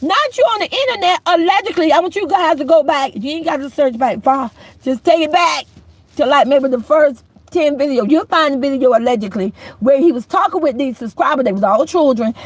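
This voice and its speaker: A middle-aged woman delivers a fiery call-out rant, preaching and often breaking into shouts. Her voice sits high and swoops all over the place. The sound is close and dry. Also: expressive, fairly quick, dry recording. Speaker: YouTube commentator.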